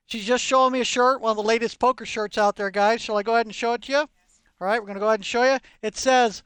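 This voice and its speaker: Excitable male streamer, rambling, salty, dead-dry sound. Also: high voice, a little fast, clean tone, no room sound. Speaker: poker streamer. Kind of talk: casual live stream chat.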